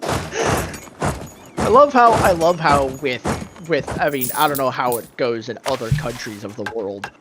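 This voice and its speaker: A man's voice: medium pitch, lively intonation, unhurried, background noise. A man streaming a strategy game, chatting in a laid-back way and swearing casually. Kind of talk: casual chat while gaming.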